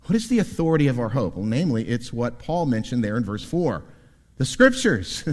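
Male pastor, sermon delivery, lively and expressive, recorded with long church-hall reverb. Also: a little high. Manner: animated preaching with asides to the congregation. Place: church sanctuary.

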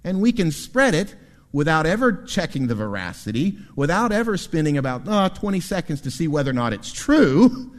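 A man preaching a sermon as pastor, with lively delivery and quick asides to the congregation. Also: on the high side. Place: church sanctuary. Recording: long reverb in a church hall.

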